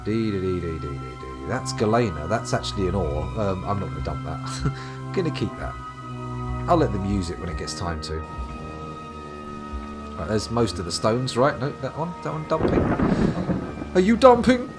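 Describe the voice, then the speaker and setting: A man's voice: lowish voice, very animated, normal speed, pauses often, loud music behind the voice. A man from the UK streaming a game live, commenting with dry, sarcastic, jokey asides. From United Kingdom. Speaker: gaming streamer.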